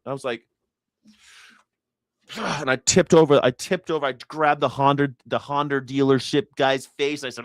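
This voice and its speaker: Here the independent news and culture commentator speaks at a normal speed in a mid-range voice, captured in clean studio sound without echo. Streaming casually, he tells meandering, foul-mouthed, jokey stories and acts out others' words.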